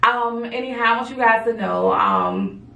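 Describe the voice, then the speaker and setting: A woman's voice: on the high side, huge pitch swings, moderate pace, gravelly, pushed and bright, roomy sound, far from the mic. A tired woman chatting casually and playfully while she braids her own hair late at night. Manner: chatty, playful, sassy asides. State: tired, yawning. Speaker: beauty vlogger. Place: home at night.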